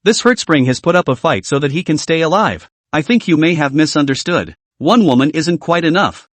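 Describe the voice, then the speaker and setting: A man's voice: fairly high pitch, animated, brisk, no room sound. A man voicing a confident, mocking young male hero in a comic recap.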